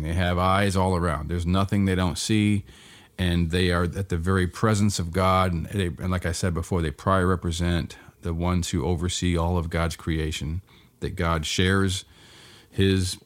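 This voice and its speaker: Deep-voiced middle-aged man, earnest devotional teacher, measured delivery. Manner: measured, earnest, slows to read Scripture aloud. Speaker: podcast host teaching on prayer.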